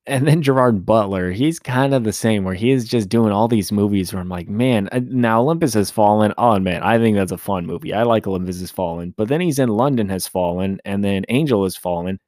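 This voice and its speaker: A man's voice: fairly low pitch, a little fast, few pauses, a little mellow, no echo, studio quality. A man hosting a solo movie podcast, talking casually and rambling as he corrects himself. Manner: chatty, rambling, self-correcting. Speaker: movie review podcast host.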